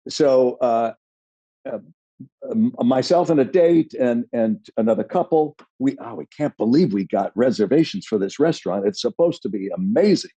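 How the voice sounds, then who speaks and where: A middle-aged man, a guest on a podcast, telling stories in an animated, halting way. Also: mid-range voice, slightly rough, no room sound. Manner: animated, halting storytelling with restarts. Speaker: guest, actor. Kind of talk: podcast conversation, storytelling.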